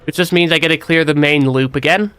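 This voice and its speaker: A man's voice: on the high side, steady tone, brisk, a bit bright, clean tone, no room sound, soft background music. A man streaming a game with a stuffy nose, chatting casually, laughing often and restarting his sentences. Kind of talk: casual gameplay commentary.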